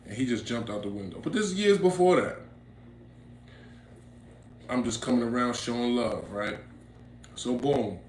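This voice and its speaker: A man from Inglewood, California, telling a street story to camera in slang, acting out quotes and rising to loud, emphatic bursts. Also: mid-range voice, expressive, moderate pace, pauses often. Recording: roomy echo, faint background noise.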